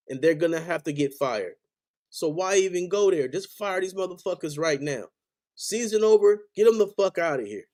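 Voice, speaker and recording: On a sports stream, a podcast host rants angrily about his team, swearing nonstop and hammering the same points again and again. His voice is slightly high but warm and dark instead of bright, and he sounds completely fed up.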